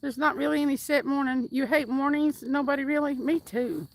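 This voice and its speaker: High-voiced chatty woman streaming from a fishing trip. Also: a little fast. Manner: upbeat and chatty, whoops now and then. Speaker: livestream host. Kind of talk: casual livestream chat, reading viewer comments aloud. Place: outdoors by the water while fishing.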